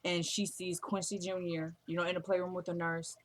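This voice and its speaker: A woman's voice: on the low side, flat delivery, brisk, a little hiss or hum. A woman recapping a TV drama episode in casual chat, retelling scenes through quoted dialogue and gushing about the actors. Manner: gushes, laughs. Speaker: TV episode reviewer.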